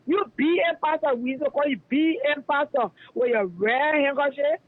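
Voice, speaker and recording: High-pitched Liberian man ranting on phone. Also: normal speed. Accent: Liberian English. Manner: fiery, denouncing, repetitive. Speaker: radio caller. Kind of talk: heated call-in rant. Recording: tinny phone line.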